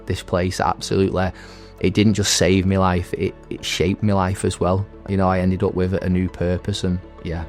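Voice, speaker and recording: A man in his thirties, a veteran and recovery centre graduate, gives earnest personal testimony in a halting way with many restarts. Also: deep voice, little pitch movement, a little mellow, faint music behind.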